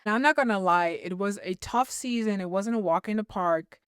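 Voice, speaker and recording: A young woman speaks as a podcast host, sharing a personal faith testimony in a reflective, heartfelt way. Her voice sits at an average pitch and sounds close and dry, with no room echo. A slight tearful edge runs through her earnest delivery. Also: brisk, smooth.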